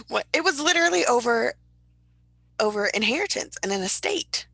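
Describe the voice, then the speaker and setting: A young woman co-hosting a podcast in casual chat, telling stories with animated bursts of high-pitched impressions. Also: moderate pace, gravelly, breathy edge, no echo, poor audio. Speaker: podcast co-host.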